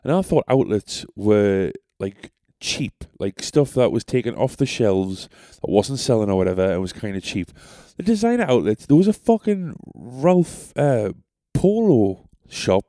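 A man's voice: on the low side, sing-song, unhurried, few pauses, mellow, no room sound. A young man who tells stories on a podcast in a rambling, sweary, self-deprecating way. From North East England. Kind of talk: casual storytelling.

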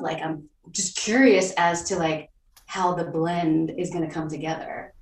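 A woman talks through her work in an unhurried interview, pausing and restarting as she thinks. Her voice sits on the low side. She sounds a little away from the mic, and the room is roomy. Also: steady tone, recorded from a distance. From Vietnam, raised in Texas. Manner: thoughtful, many restarts and fillers. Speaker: TV writer, interview guest. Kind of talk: conversational interview.

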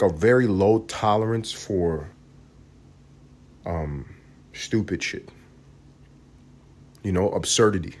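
A man hosting a solo comedy podcast, ranting loudly with a lot of swearing and acting out the people in his stories. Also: lowish voice. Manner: animated ranting, swearing, acts out voices. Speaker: podcast host.

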